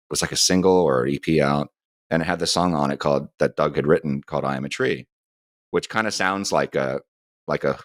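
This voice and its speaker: A man's voice: very deep voice, dry recording, studio quality. A middle-aged man co-hosting a podcast, meandering through an anecdotal story in casual chat. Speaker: podcast co-host.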